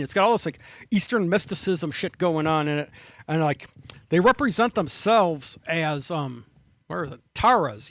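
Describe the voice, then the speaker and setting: Brief: male solo podcast host, high voice, dry close sound, profane and digressive. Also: fairly bright tone, no echo. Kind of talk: rambling solo commentary.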